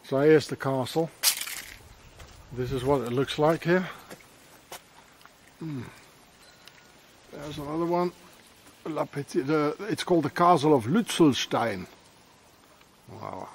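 A man's voice: on the high side, slow pace, pauses often, a little hiss or hum. A man rambling through a walking tour vlog of castle ruins in a forest, muttering asides and slang, recorded on a handheld camera outdoors. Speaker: travel vlogger. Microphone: handheld camera mic.

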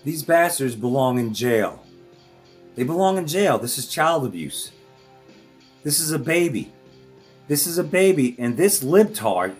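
A man's voice: fairly high pitch, fairly bright tone. Ranting, profane man reacting to clips. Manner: profane, ranting, laughing often. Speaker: host. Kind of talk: reaction commentary.

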